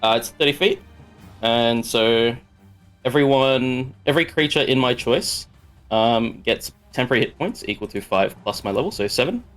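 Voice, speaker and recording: A man's voice: mid-range voice, expressive, moderate pace, fairly bright tone. A man playing in a tabletop game, explaining his moves step by step. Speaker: player. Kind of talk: casual tabletop play. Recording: faint background music.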